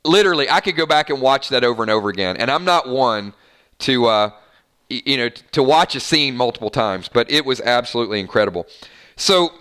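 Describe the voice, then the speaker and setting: A man hosting an online show, giving casual commentary on a TV episode with animated delivery and frequent stammered restarts. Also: medium pitch, a little fast, clean tone. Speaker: YouTube show host.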